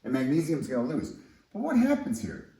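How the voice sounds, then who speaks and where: A man teaching chemistry in a lively, conversational, enthusiastic way, in a recorded classroom lesson. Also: medium pitch, a little fast, echoey room, low-quality recording.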